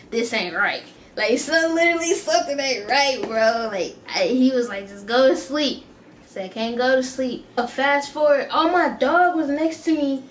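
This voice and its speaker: Young woman telling a story on her vlog, kinda high voice, laughs a lot, faint hiss behind her. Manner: animated, laughs often, slangy asides like bro. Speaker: vlogger. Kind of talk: casual storytelling.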